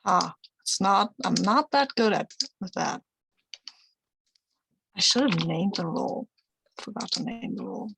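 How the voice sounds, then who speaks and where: A woman's voice: medium pitch, animated, a little slow, creaky, long pauses, a bit bright, slight background noise. A woman playing in a tabletop role-playing game, chatting casually and making fun of her own choices. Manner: chatty, self-deprecating. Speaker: player. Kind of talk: casual chat.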